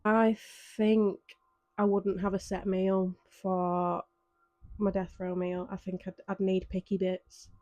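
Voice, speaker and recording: A woman's voice: medium pitch, level tone, slow, darkish tone, no echo. A woman co-hosting a podcast, chatting in a laid-back, teasing way. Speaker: podcast co-host. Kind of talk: casual chat.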